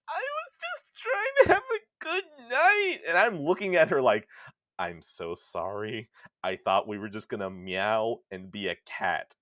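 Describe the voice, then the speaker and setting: A young man co-hosting a podcast in casual chat, animated and swearing freely, acting out voices as he tells stories. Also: fairly low pitch, no room sound, studio quality. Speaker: podcast co-host.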